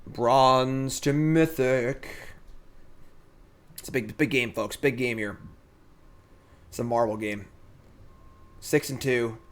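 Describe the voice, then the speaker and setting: Guy streaming a card game, just chatting thru his plays and reading chat, mid pitch voice. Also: fairly even intonation, unhurried, long pauses, fairly bright tone. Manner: chatty, thinks aloud, reads chat and answers it. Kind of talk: casual live-stream commentary.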